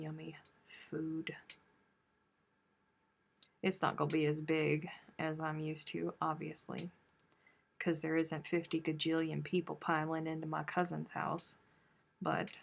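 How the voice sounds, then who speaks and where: A woman with a low, gravelly voice hosts a casual live stream, chatting freely and answering viewers as their comments come in. Her talk jumps between easygoing chatter and loud, animated exclamations. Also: measured pace, pauses often. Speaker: crochet live-stream host.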